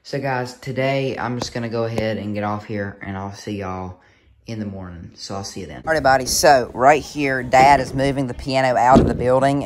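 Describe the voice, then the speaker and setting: A young man with a drawl chats to his phone camera at home. He sounds excitable and scattered, piling up restarts and fillers, his voice sitting in an ordinary middle register. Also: mid-range voice, noisy background. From United States. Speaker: vlogger. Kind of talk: casual vlog to camera.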